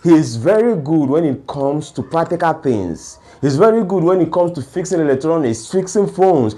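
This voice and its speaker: A man's voice: on the high side, lively intonation, normal speed, warm tone. A man giving a lecture-style talk on education, asking rhetorical questions and then answering them. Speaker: education speaker.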